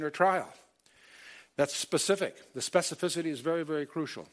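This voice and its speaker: A man's voice: fairly high pitch, animated, moderate pace. Man teaching a Bible study, emphatic. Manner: emphatic, quotes scripture in King James wording; many fillers and self-corrections.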